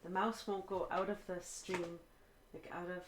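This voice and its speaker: A woman's voice: lowish voice, level tone, normal speed, reverberant, noisy background. A woman streaming a game, grumbling and muttering to herself in exasperation. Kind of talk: casual live-stream talk.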